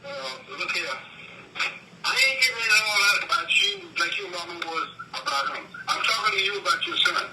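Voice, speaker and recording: An older man lectures insistently, his voice high and lively as it rises and falls. He sounds distant, coming through a phone line buried in loud noise. He repeats his points over and over. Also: normal speed. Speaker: family elder in a recorded phone call. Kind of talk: argumentative phone conversation.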